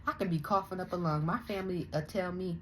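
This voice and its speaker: A young woman vlogger ranting in a blunt, profane, animated way as she comments on other creators. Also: fairly low pitch, fast talker, slight background noise. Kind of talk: casual commentary rant.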